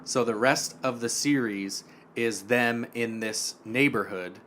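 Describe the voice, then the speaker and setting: A young man co-hosting a podcast, casually retelling a TV episode and acting out the characters' lines in quiet quoted voices. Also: mid-range voice, takes it slowly, slight background noise. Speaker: podcast co-host.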